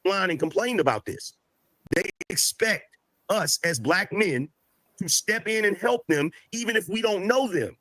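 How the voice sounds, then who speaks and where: High-pitched man, argumentative guest, stammers and restarts, dry sound. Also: lively intonation, a little slow, bright, forceful tone, no room sound, low-quality recording. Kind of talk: heated debate.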